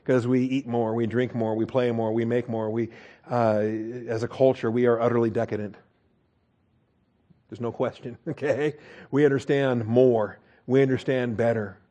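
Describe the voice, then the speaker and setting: A man leads a verse-by-verse Bible study in a loose, conversational manner. He restarts his sentences often and keeps checking in with a quick "okay?". His voice sits at an ordinary middle pitch. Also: flat delivery, dark tone. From United States. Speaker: Bible teacher.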